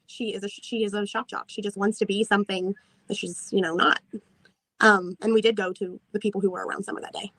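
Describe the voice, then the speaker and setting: A woman's voice: medium pitch, flat delivery, fast, a bit bright, no echo, rough recording. A woman in casual livestream chat, agreeable and hesitant, often trailing off with fillers. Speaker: livestream co-host.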